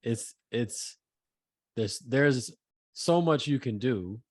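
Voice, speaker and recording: A man's voice: mid-range voice, lively intonation, takes it slowly, no room sound, clean studio sound. A man co-hosting a casual podcast chat, talking bluntly and emphatically in slang. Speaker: podcast co-host.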